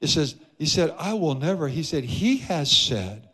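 A man's voice: fairly high pitch, lively intonation, a little slow, hardly any pauses, a bit bright, long reverb tail. A man preaching a sermon as pastor in a church, emphatic with repeated phrases. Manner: emphatic, repetitive preaching cadence. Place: church sanctuary.

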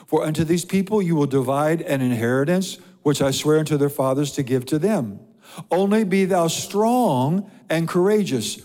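A man's voice: fairly high pitch, a little mellow, big-room sound. A man preaching a sermon as pastor, reading scripture and building repeated lists of blessings. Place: church sanctuary.

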